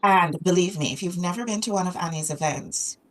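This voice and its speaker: A woman's voice: on the low side, a little fast. A woman hosting a casual panel chat over a video call, enthusiastic and full of compliments for her guests. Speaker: host. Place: home in Connecticut.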